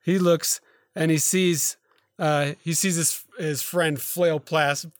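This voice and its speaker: Halting, filler-heavy man telling a story. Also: fairly high pitch, steady tone, no echo, clean studio sound. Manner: rambling, halting retelling with many fillers and self-corrections. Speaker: podcast co-host. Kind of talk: casual storytelling chat.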